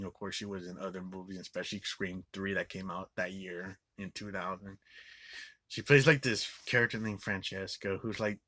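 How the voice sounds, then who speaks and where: A man giving a casual, rambling movie review, swearing a lot and filling every pause with filler words. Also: fairly low pitch, bright, forceful tone. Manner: rambling, profane, filler-heavy with frequent "like".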